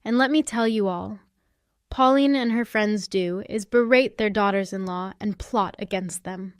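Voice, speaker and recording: A woman's voice: medium pitch, unhurried, smooth, no room sound, studio quality. A woman narrating a first-person family-drama story in a sassy, confiding way.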